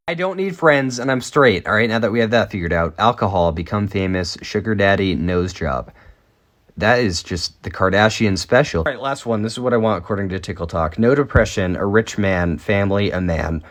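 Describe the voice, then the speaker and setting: A man in his twenties giving a casual, self-deprecating comedic monologue as a TikTok creator, rambling with quick asides. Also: fairly low pitch, lively intonation. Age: 20s.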